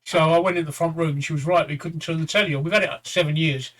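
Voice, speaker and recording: A tired man in his fifties or sixties, co-hosting a livestream chat in a rambling, halting way with frequent restarts and the odd swear word. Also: on the high side, fairly even intonation, a bit bright. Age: 50s-60s. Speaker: livestream co-host. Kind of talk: casual chat.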